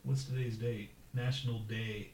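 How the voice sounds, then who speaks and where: A man co-hosting a podcast, talking in loud, profane, ranting casual banter. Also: mid-range voice, flat delivery, moderate pace, slightly rough. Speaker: podcast co-host.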